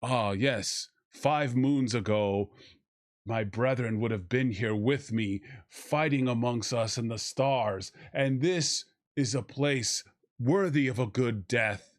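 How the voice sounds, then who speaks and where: A man voicing a pompous, solemn male hero from a space epic, with grandiose, archaic, drawn-out speech. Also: mid-range voice, pitched below the performer's own voice, close to an everyday voice. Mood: mock-solemn.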